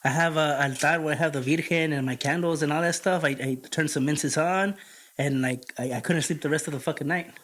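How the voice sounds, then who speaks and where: A man telling a story among friends in casual chat, animated and swearing freely as he acts out what people said. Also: on the high side, fairly quick. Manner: animated, heavy swearing, retells dialogue. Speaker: podcast co-host.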